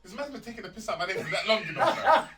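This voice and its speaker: Young host, high and animated, slangy and jokey, distant mic over crowd noise. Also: male voice, rapid-fire. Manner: banter-heavy, laughing, slangy. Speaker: podcast host. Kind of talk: casual chat.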